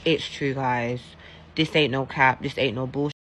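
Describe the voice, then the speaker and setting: A woman's voice: extremely low pitch, steady tone, normal speed, fairly bright tone, a little hiss or hum. A woman with an English accent telling a casual, chatty story-time in an emphatic, gossipy way. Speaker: social media storyteller.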